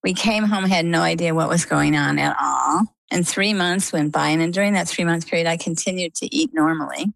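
Low-voiced, gravelly woman telling her story. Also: fairly quick, few pauses, no room sound, poor audio. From Maine, US. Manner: lively storyteller, acts out quoted dialogue. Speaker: interview guest.

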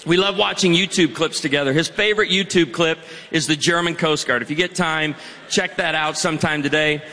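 High bright-voiced man telling funny stories. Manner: energetic storytelling, puts on voices for jokes. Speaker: guest speaker. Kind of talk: humorous marriage talk to students. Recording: hall reverb with faint ambience.

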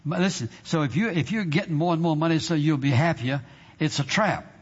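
A man's voice: fairly high pitch, husky. Man preaching in a reverberant hall. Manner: emphatic preaching with slow drawn-out scripture readings and repeated phrases. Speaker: pastor. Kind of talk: sermon. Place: church sanctuary. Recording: dull sound in a long-reverb hall.

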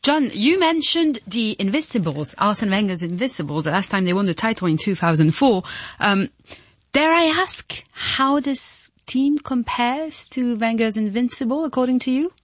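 A woman presenting live radio news, briskly linking interviews and reports. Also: fairly high pitch, expressive, no echo.

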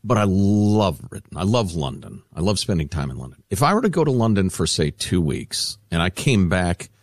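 A man's voice: deep voice, big pitch swings, normal speed, no room sound. A man co-hosting a talk radio show, joking in a playful, casual way. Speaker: radio co-host.

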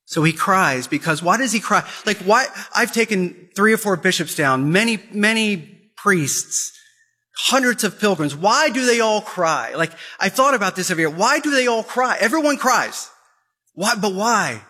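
A man's voice: high-pitched, lively intonation, moderate pace, sharp tone, breathy edge. A man giving an impassioned Catholic talk, repeating phrases and pressing urgent questions. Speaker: Catholic speaker.

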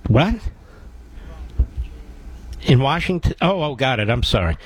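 A man's voice: mid-range voice, animated, unhurried, breathy edge, rough recording. A man hosting a call-in radio talk show, combative and opinionated, with a sarcastic edge. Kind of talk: talk radio, taking calls.

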